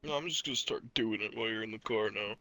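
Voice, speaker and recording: This young man has a bright, forceful voice and a laid-back, teasing way of talking. He is recorded dry and close, as a casual podcast co-host. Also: on the low side, quick pace, no echo, low-quality recording. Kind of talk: casual storytelling.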